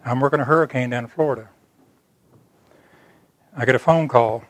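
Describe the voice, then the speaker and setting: A man preaches through a personal story in a plain, folksy way, earnest and unhurried. His voice sits at an ordinary middle pitch. The sound is dry and close, with no room echo. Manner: earnest storytelling, acting out dialogue. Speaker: church speaker. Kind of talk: sermon told as a personal story.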